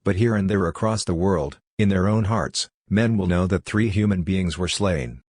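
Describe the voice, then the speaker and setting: A man reading the part of a wise, tender condemned male prisoner who speaks gently and philosophically. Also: low-pitched, moderate pace, husky, no echo, clean studio sound. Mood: soothing.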